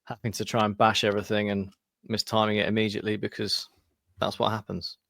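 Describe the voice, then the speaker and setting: A man's voice: fairly low pitch, flat delivery, fast, creaky, a bit bright, no room sound, clean studio sound. A man co-hosting a podcast in casual chat, chiming in with wry remarks. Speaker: podcast co-host.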